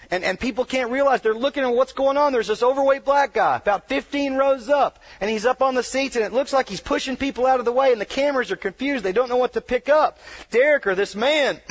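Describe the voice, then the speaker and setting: A man with a notably high voice delivers a motivational talk. He tells the story dramatically, dropping to a near whisper at tense moments and then rising to a shout. He pokes fun at himself with a joking edge. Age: adult wheelchair user, paralyzed from injury. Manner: self-deprecating humor. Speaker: motivational speaker. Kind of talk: motivational speech.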